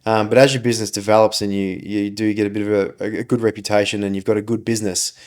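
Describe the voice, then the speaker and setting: A man's voice: lowish voice, flat delivery, fast talker, darkish tone. A man, co-hosting a casual business podcast, ranting and swearing freely as he tells stories. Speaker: podcast co-host, business owner.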